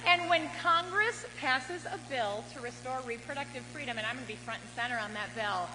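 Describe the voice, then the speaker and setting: High-voiced woman rousing a rally crowd. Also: a little fast. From Wisconsin. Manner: rousing, leads the crowd in call-and-response. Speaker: politician speaking at a campaign rally. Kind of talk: rally speech. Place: large hall at a campaign rally. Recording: reverberant hall with loud crowd noise.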